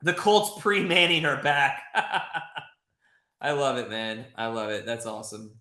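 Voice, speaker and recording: Male streamer host, excitable live play-by-play chatter, bright forceful voice, roomy echo. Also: medium pitch, takes it slowly. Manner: excitable, chatty, swears, reads chat. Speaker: livestream host. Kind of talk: live watch-party commentary.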